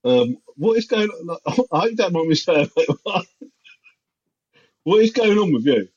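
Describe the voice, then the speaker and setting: A man's voice: high voice, lively intonation, measured pace, a little mellow, husky, voice pushed up, full character voice. Man playing a defensive gym lad. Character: short stocky gym-going lad, defensive. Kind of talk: comedic improvised role-play. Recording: slightly dull lo-fi sound.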